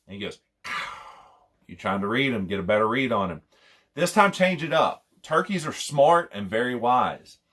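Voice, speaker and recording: A man's voice: medium pitch, sing-song, normal speed, a bit bright. A young man casually explaining hunting calls, rambling and repeating himself as he demonstrates. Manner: rambling, repeats phrases, imitates owl hoots. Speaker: hunting call instructor.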